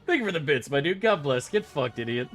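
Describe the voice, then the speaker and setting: A man's voice: a little high, big pitch swings, a little fast, a bit bright, faint music behind. A young man streaming a game, chatting casually with his viewers in a laid-back, joking and profane way. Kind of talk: casual live-stream chat.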